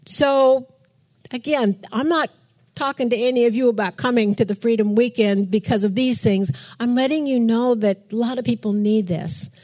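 A woman's voice: fairly high pitch, normal speed, warm tone. Chatty woman sharing a church testimony. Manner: chatty storytelling, acts out her own past thoughts. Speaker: church speaker. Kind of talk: testimony sermon.

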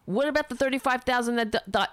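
A woman's voice: on the high side, quick pace, a bit bright, smooth, no echo. A woman delivering a heated, sarcastic, profane political rant, speaking for herself. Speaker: political commentator.

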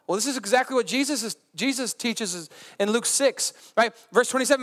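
A man's voice: high-pitched, fairly quick, few pauses, a bit bright. A man preaching a sermon as a pastor, conversational and earnest, with humor and asides, in a church. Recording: reverberant church hall.

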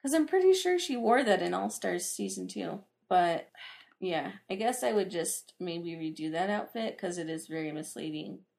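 A woman's voice: on the low side, expressive, normal speed, vocal fry, darkish tone. A young woman co-hosting a podcast, chatting casually in a giggly, playful way. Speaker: podcast co-host. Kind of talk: casual chat.

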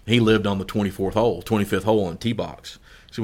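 A middle-aged man with a lowish voice talks casually about his work as a golf course superintendent. He tells stories with a laugh and acts out what people said. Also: fast. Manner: laughs through his stories, animated quoting. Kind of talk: casual storytelling chat.

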